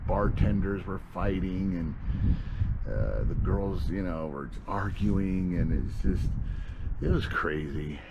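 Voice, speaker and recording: A man's voice: low-pitched, expressive, slow, dull audio. A middle-aged American man, a solo gigging musician, showing his gear in a casual, rambling vlog full of fillers and the odd swear word. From USA. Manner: rambling, swears freely, many fillers and restarts. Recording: noisy home video recording.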